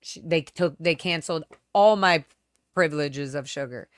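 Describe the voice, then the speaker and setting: A woman hosts her own livestream, talking casually and candidly to viewers. Her voice sits a little low with a smooth, clear tone, recorded close and dry. She rambles, trails off mid-thought and picks the story back up. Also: moderate pace, dry recording. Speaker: livestream host.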